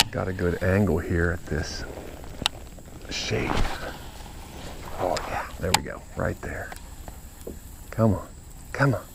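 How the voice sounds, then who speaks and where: Heavy background noise surrounds a low-pitched man with vocal fry who vlogs while fishing on the water. He talks excitedly to camera, exclaiming and speaking directly to his viewers.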